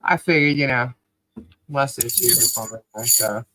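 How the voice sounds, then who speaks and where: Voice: medium pitch, moderate pace, sharp tone, slight background noise. A podcast co-host chatting casually on a livestream, cheerfully calling out viewers' names and laughing often.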